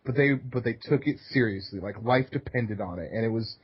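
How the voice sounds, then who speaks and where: A man's voice: medium pitch, fairly quick, breathy edge. A man co-hosting a podcast in casual chat, laid-back, swearing often and laughing through his stories. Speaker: podcast co-host. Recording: dull lo-fi podcast audio.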